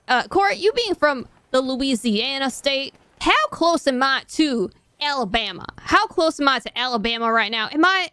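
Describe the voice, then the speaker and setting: A woman's voice: sits high, fairly bright tone, no room sound. A woman streaming a game and putting on an exaggerated Southern country-girl accent, drawling and folksy. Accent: put-on American Southern. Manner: drawling, folksy, self-mocking. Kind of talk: casual gaming stream chat.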